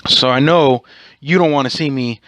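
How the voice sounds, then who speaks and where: A man's voice: mid-range voice, normal speed, a bit bright, no echo. A man hosting his own podcast, telling a rambling, profane story in a casual way and correcting himself as he goes. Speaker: podcast host.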